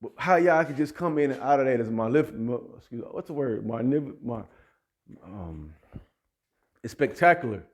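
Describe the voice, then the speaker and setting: A man's voice: medium pitch, lively intonation, normal speed. A man who runs an app business, ranting straight to his listeners in loose, heated street talk. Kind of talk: direct-to-camera rant.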